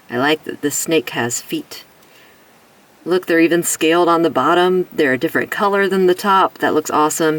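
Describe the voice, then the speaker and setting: A toy reviewer whose voice sounds rough from illness talks through a casual action figure review. The delivery is chatty, with self-deprecating asides, at a middle pitch. The voice sits a little back from the microphone. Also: a bit bright, far from the mic, low-quality recording. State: sick, rough voice.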